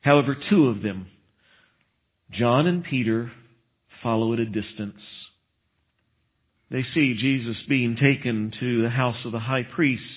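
A man preaching a sermon, retelling a story with lively asides and chuckles. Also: mid-range voice, a little slow, long pauses. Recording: tinny phone-like sound.

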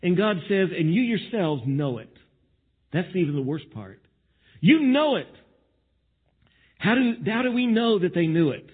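Man, sermon, animated preaching, husky high voice, phone-like audio. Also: a little slow, long pauses. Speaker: pastor.

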